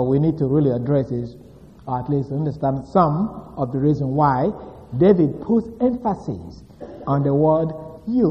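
A male pastor preaching a sermon, stressing single words emphatically. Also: on the high side. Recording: dull reverberant hall recording.

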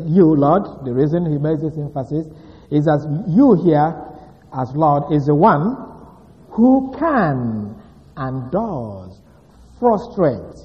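A male pastor preaching a sermon, stressing single words emphatically. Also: fairly high pitch. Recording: dull reverberant hall recording.

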